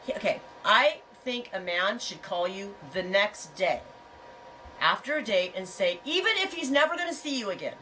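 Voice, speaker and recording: A woman's voice: mid-range voice, animated, normal speed, bright, forceful tone, far from the mic, a little hiss or hum, rough recording. A middle-aged woman hosting a casual livestream chat, talking in a frank, rambling way and telling stories with animation. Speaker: host.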